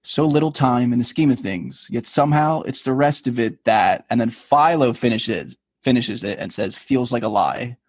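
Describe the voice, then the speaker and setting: A man's voice: mid-range voice, normal speed, few pauses, breathy edge. A man co-hosting a casual podcast chat, laying out the plot of a TV episode in a laid-back way. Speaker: podcast co-host.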